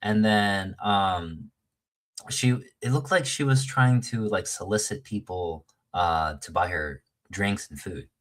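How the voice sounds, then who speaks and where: A man's voice: low-pitched, slow pace, a bit bright. Rambling man telling a bar story. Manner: rambling, full of fillers and restarts, acts out quoted lines. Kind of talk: casual storytelling chat.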